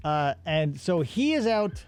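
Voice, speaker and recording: A man's voice: on the high side, slow pace, clear, resonant tone, faint music behind. A man casually recapping a movie while he works, acting out the characters' lines. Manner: animated storyteller, acts out the characters' lines. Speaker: podcast co-host.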